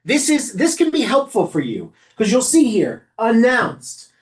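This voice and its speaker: Rabbi, teaching lay leaders, casual instructional talk, frequent self-corrections, mid-pitched voice. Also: huge pitch swings, a little slow.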